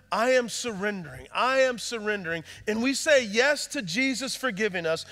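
A man pastor preaching a sermon, swinging from hushed, intimate passages to loud, shouted climaxes. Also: very high voice. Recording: church hall reverb.

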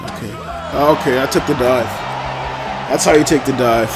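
A man giving casual, jokey commentary while playing a video game, breaking into loud outbursts. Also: mid-range voice, normal speed, loud music behind the voice, over a noisy crowd. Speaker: gameplay commentator. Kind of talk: casual let's-play commentary.

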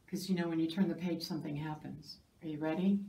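A woman working as a children's librarian, reading a picture book aloud to children in a cheerful, animated way in a library. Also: low-pitched, quick pace, creaky. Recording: roomy sound from a distant mic.

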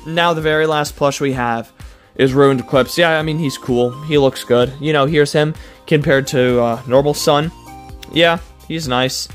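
A man with a fairly high voice talks through a toy unboxing in a loose, casual review. He rambles, restarts his sentences and leans on fillers, swinging between gushing and grumbling disappointment. Faint music plays softly underneath. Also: fairly even intonation, measured pace. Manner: gushing then letdown and complaining.

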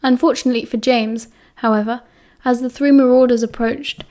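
A woman with a British accent reading an audiobook in steady, even narration. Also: a little high, fairly quick. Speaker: audiobook reader. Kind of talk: fan fiction audiobook narration.

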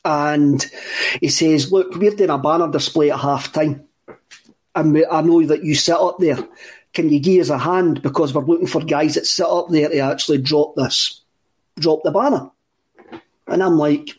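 A Scottish man with a fairly high voice tells a story on a podcast in a loose, rambling way. He stumbles over and repeats his words and laughs often as he talks. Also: moderate pace, darkish tone. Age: 30s. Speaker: podcast co-host. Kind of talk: casual storytelling chat.

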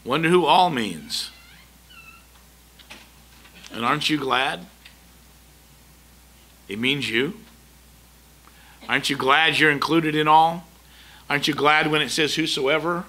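A man's voice: on the high side, slow, long pauses, sharp tone. A middle-aged male pastor preaching a sermon, emphatic, with repeated rhetorical questions. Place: church sanctuary.

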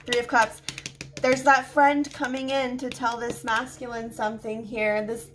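Woman, slight lisp, fairly high voice, musing tarot reading, phone mic, constant background hiss. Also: level tone, unhurried, fairly bright tone, low-quality recording. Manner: musing, thinking aloud as she draws cards. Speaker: tarot reader. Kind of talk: casual tarot reading to camera.

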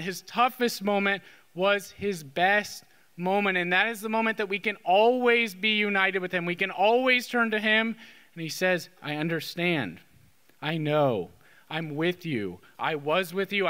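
A man preaching a sermon with a high, bright voice that carries a long, ringing church reverb. He keeps it conversational and often tosses in a quick "okay?" to the congregation. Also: smooth. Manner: conversational, with frequent "okay?" tag questions. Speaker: Catholic priest.

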